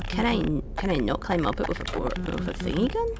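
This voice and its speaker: Crowd noise surrounds a young woman streaming a video game, who talks to her chat, swears, and vents frustration in outbursts during casual commentary. Her lowish voice is very animated and brisk.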